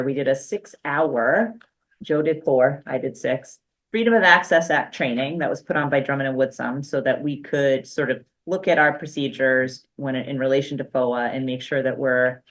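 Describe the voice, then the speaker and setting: A school superintendent gives an unscripted update to a board meeting, speaking at an ordinary, middling pitch. The delivery is loose and conversational, full of restarts and filler, with a dry, self-aware humor now and then. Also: a bit bright.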